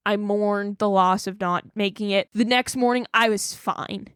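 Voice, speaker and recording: Smooth-voiced young woman telling a story. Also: medium pitch, unhurried, no room sound, clean studio sound. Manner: animated retelling, acts out quotes, many "like"s. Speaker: podcast co-host. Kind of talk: casual storytelling chat.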